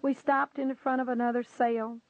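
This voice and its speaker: A woman's voice: on the high side, little pitch movement, moderate pace, no room sound. Solemn woman reading over a tinny line. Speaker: narrator reading a testimony. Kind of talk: solemn scripted narration. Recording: tinny phone-like sound.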